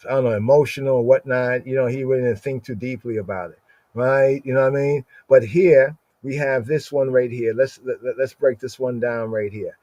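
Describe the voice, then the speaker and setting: A man teaching from scripture on a livestream, reading Hebrew verses slowly and explaining each word, asking "right?" after nearly every phrase. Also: mid-range voice, steady tone, warm tone, no room sound, muffled recording. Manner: explains Hebrew words aloud, repeats "right?" constantly; slows down to read Hebrew verses. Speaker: Bible teacher.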